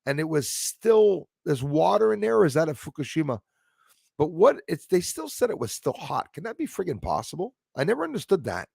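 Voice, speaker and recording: A man's voice: a little high, sing-song, fairly quick, gravelly, darkish tone, slightly rough, no room sound, clean studio sound. A man hosting a casual livestream, chatting with viewers by name and often stumbling over his words. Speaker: livestream host reading chat.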